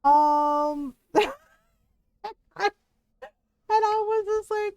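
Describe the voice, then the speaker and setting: A woman with a high, bright-pitched voice rambles through her gameplay as a streamer, giggling often and leaning on "like" and "right?". The sound is close and dry, with no room around it. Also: fairly even intonation, takes it slowly, pauses often, dry recording, rough recording. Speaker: game streamer. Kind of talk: casual gameplay commentary.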